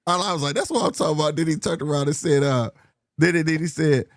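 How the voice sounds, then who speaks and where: Gravelly, animated man retelling fight talk. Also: on the high side, fast, dry recording, studio quality. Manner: animated, profane storytelling with laughs. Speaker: boxing podcast co-host. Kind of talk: casual chat. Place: home studio, live stream.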